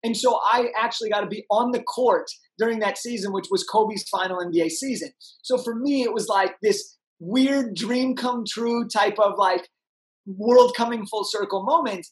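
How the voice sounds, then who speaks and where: A young man, a podcast guest, telling an energetic story and acting out the people in it. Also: high voice, moderate pace, low-quality recording. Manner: animated, acts out voices in his anecdotes.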